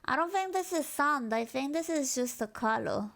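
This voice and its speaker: A woman streamer reacting casually to videos, excitable and swearing, with many exclamations. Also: sits high, moderate pace, gravelly.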